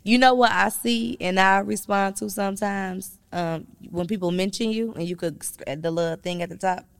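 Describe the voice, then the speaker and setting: A woman's voice: medium pitch, fairly even intonation, normal speed, gravelly, clean tone, no echo, clean studio sound. A woman chatting casually and frankly, swearing offhandedly in a laid-back way. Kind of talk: casual chat.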